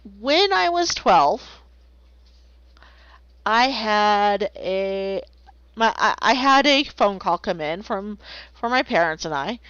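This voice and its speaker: A woman's voice: medium pitch, expressive, takes it slowly, long pauses, a bit bright, smooth, dry recording. A woman streaming while she draws, chatting casually and playfully, rambling and making silly noises. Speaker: streamer drawing commissions. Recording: slightly dull lo-fi, dry.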